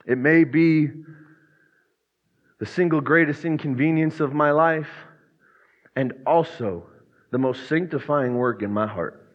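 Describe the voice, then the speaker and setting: A man's voice: on the high side, unhurried, long pauses. A man preaching a sermon as pastor, earnest, now and then acting out quoted voices. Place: church sanctuary. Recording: muffled sound with long church reverb.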